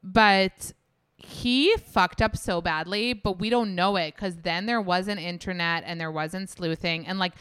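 A woman's voice: on the low side, a little slow, a bit bright, smooth, dry recording. A woman chatting as a podcast guest, candid and profane, with lots of "like" fillers. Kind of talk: casual podcast chat.

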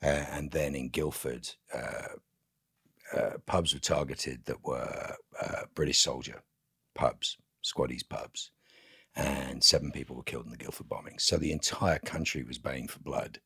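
Husky very deep-voiced man telling stories. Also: fairly even intonation, a little slow, pushed and bright, dry recording, clean studio sound. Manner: storytelling, candid, wry. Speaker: guest actor. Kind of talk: casual interview chat. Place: podcast studio.

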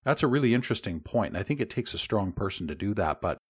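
A man co-hosting a podcast, giving step-by-step advice in a measured, coaching tone. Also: lowish voice, sing-song, slightly rough, no room sound, studio quality. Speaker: co-host.

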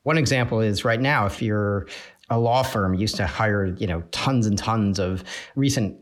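A man with a fairly low voice explains a subject in an interview. He hesitates and leans on fillers as he talks it through. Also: moderate pace. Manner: hesitant, uses many fillers. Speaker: interviewed expert.

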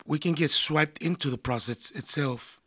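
A man's voice: a little high, normal speed, fairly bright tone, husky. A man, a pastor and marriage counselor, talking earnestly in a casual conversation and often restarting his phrases.

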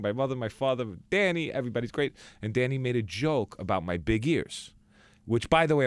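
Storytelling podcast host, lively pitch, dry close sound, laughs a lot. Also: male voice, dry recording. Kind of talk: casual chat, comic storytelling.

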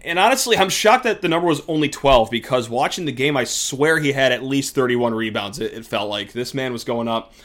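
A man's voice: mid-range voice, lively intonation, a little fast, hardly any pauses, a bit bright. A man hosting a sports podcast, talking casually and joking, sometimes with sarcasm. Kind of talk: casual sports talk commentary.

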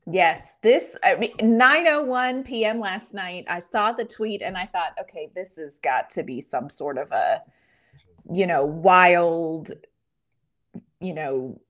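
A woman co-hosting a casual sports podcast, talking in an animated way with quick asides. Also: lowish voice. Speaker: podcast co-host.

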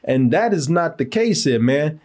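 A man hosting a podcast, reviewing a movie in slangy, animated, laughing casual chat. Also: fairly high pitch, measured pace.

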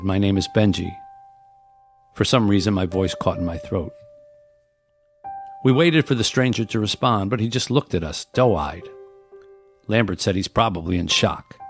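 A man, the author, reading the opening of his novel aloud and then explaining its premise in an earnest, measured storytelling manner. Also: low-pitched.

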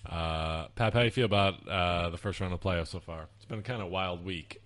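A man's voice: deep voice, moderate pace, fairly bright tone. A man co-hosting a podcast in casual chat, steering the talk with dry, teasing questions. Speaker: podcast co-host.

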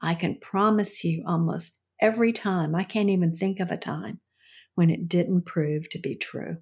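A woman co-hosting a podcast in casual chat, calm and steady, with frequent affirming murmurs. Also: fairly low pitch, moderate pace, slightly rough. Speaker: podcast co-host.

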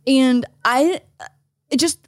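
A woman co-hosting a casual podcast, with a somewhat high voice. She talks bluntly and emphatically and swears freely, and the recording is close and dry. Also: slow, dry recording. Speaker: podcast co-host. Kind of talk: casual chat.

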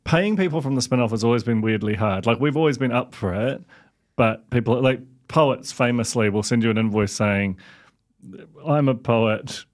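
A man's voice: mid-range voice, fairly quick. A man, co-hosting a podcast and telling rambling anecdotes in casual chat. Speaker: podcast co-host.

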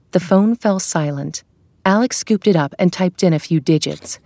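A woman narrating a suspense audiobook in a steady, measured way. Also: fairly low pitch, no room sound.

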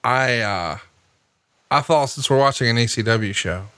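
A man hosting a podcast in casual banter, teasing and needling his co-host with deadpan jabs. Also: mid-range voice, a little slow, no room sound.

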